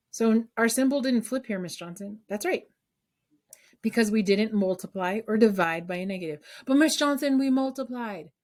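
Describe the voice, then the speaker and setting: Woman teacher coaxing class answers. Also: medium pitch. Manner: coaxing call-and-response questioning. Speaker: math teacher. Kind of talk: online class lesson.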